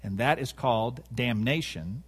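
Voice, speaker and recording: A man's voice: medium pitch, unhurried, breathy edge. A man preaching a sermon, emphatic, repeating key words and asking the congregation rhetorical questions.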